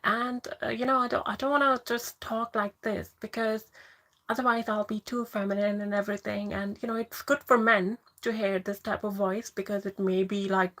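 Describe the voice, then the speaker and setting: A woman putting on a soft, high, airy feminine voice during a livestream chat. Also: level tone, moderate pace, close to an everyday voice. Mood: explaining.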